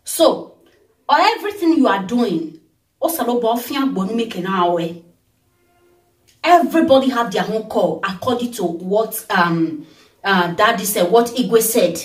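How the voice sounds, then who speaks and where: Roomy, high Nigerian woman vlogger. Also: measured pace, long pauses, recorded from a distance. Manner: animated, switching into song and blessings. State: tired. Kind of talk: casual birthday tribute vlog with singing. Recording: roomy sound from off the mic.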